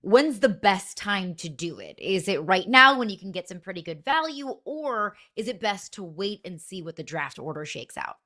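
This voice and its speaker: A woman hosting a sports talk show, putting clear set-up questions to a guest analyst. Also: medium pitch, big pitch swings, normal speed, few pauses, bright, forceful tone. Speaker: show host.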